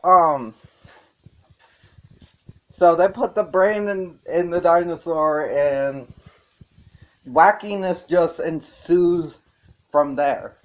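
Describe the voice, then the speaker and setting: A man's voice: on the high side, dull audio. A man reviewing a movie in a casual, rambling way, swearing and chuckling as he goes.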